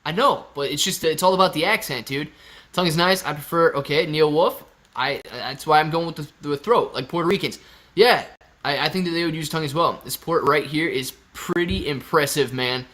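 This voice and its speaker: Young male stream host, bright and slightly high, jokey chat reader. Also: brisk. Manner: joking, reads viewer chat aloud. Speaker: livestream host. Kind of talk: casual live stream chat.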